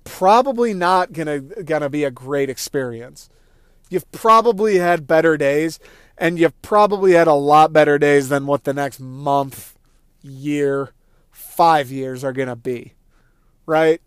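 A young man hosting a casual, rambling movie-review podcast, swearing freely and acting out his own reactions in quick asides. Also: on the high side, clean tone, dry recording, clean studio sound. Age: young adult. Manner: rambling, excitable, profane, acts out quoted thoughts. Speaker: podcast host.

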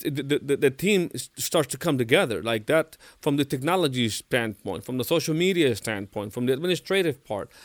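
A man's voice: mid-range voice, no echo. Man interviewing, dry close sound. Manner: thoughtful, hesitant with fillers. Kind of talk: conversational interview.

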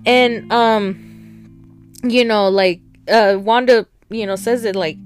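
A chatty woman rambles through a TV episode recap, slipping into the characters' lines as she goes. Her voice sits at a middle pitch, with soft guitar music playing faintly behind her. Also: fairly even intonation, slow, clear, resonant tone. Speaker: TV show reviewer. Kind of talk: casual recap and review.

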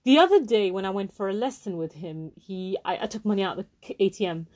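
A woman's voice: medium pitch, lively intonation, fast, darkish tone. A woman, hosting a podcast and telling a heated personal story, swearing often and repeating herself for emphasis. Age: 20s. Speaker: podcast host. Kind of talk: angry personal rant.

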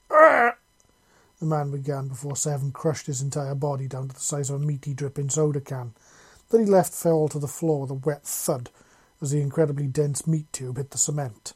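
A man reading fan fiction aloud in a casual, expressive way. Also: medium pitch, moderate pace, husky. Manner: casual, expressive, crude words. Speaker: reader.

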